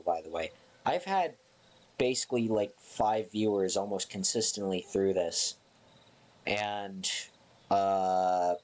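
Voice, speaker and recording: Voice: mid-range voice, a little mellow. A live streamer chatting casually to viewers in a playful, self-mocking, rambling way.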